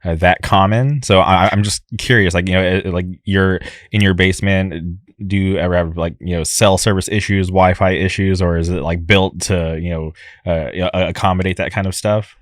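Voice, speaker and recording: Low-voiced enthusiastic podcast host man. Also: steady tone, moderate pace, no room sound, studio quality. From California. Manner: enthusiastic, rambling with restarts. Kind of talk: casual podcast talk.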